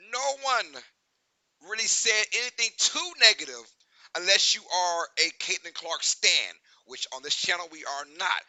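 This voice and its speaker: A man hosting a sports talk show, giving animated, emphatic opinions and often asking "right?". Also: high voice, dry recording, rough recording.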